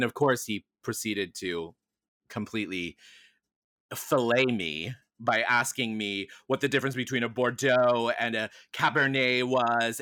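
A man, a podcast guest, telling a candid personal story in a frank, animated way and swearing casually. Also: mid-range voice, no echo, studio quality.

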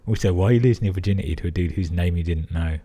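Rapid-fire and casually profane, a young man from England reads listener stories on his podcast. His voice is very low, dark, and a bit husky. He keeps interrupting himself to mock the emails with dry, sweary sarcasm.

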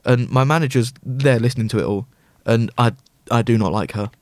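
A man's voice: mid-range voice, fairly quick, no room sound, studio quality. A young man, a podcast co-host, telling stories in casual chat and acting out both sides of an argument. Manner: animated storytelling, acting out both sides of a row.

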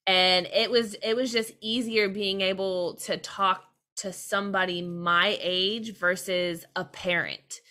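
A young woman with a bright, forceful voice talks candidly as a podcast guest. She is earnest and open, and lets out a laugh now and then even when the subject is heavy. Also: medium pitch, slow pace, hardly any pauses. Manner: open, earnest, laughs while telling hard things. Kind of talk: candid personal conversation.

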